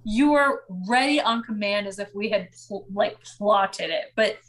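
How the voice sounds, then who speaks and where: A woman's voice: medium pitch, measured pace. A young woman co-hosting a casual podcast, recapping a reality show, laughing often and acting out quotes. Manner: animated, laughing, acts out quotes. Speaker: podcast co-host.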